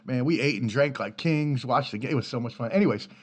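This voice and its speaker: A man's voice: mid-range voice, fast talker. A man in his thirties from the Washington, D.C. area, hosting his own podcast from a home studio in an apartment, talking in a loose, profane, easygoing way and laughing easily. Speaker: podcast host. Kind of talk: casual solo podcast rambling. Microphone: studio mic through a preamp.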